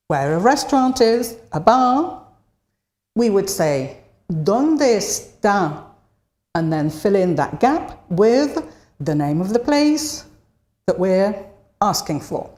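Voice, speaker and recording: A woman teaching an online language lesson, modeling short phrases slowly and clearly for learners to repeat. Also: mid-range voice, darkish tone, roomy sound.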